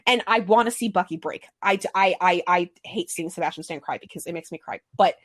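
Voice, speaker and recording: Excitable woman podcast host, dry sound. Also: fairly low pitch, dry recording. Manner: excitable, rapid, emphatic. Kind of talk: casual fan chat.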